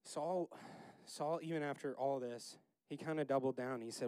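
A man's voice: mid-range voice, moderate pace, darkish tone, clean tone, no echo. Chatty man leading a Bible study. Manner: chatty, laughing, acts out characters in quotes. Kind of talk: casual Bible study talk.

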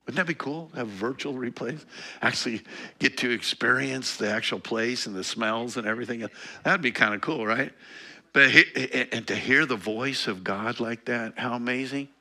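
A man's voice: mid-range voice, normal speed, pushed and bright. A man preaching a conversational sermon, reading scripture and teaching with light laughs and self-corrections. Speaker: pastor.

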